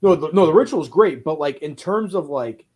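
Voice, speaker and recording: Animated man chatting about films. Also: fairly high pitch, moderate pace, a little hiss or hum. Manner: animated storyteller, swears casually. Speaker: podcast co-host. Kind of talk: casual chat.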